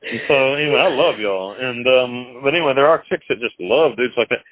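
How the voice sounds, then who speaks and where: A man's voice: mid-range voice, a little fast, dry recording. A man being interviewed as an author, talking in a blunt, rambling, casual way over a phone call. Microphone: phone call from jail. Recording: tinny phone line.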